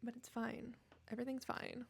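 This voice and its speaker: A woman's voice: a little high, little pitch movement, normal speed, gravelly, breathy edge, soft background music. A tired young woman streaming from home, chatting casually into a desk mic in a rambling, self-deprecating way. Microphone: desk microphone.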